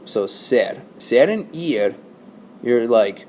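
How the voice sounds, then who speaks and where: A man's voice: lowish voice, takes it slowly, darkish tone, a little hiss or hum. A man teaching a Spanish lesson to his class, explaining patiently and checking in with "okay?" and "right?".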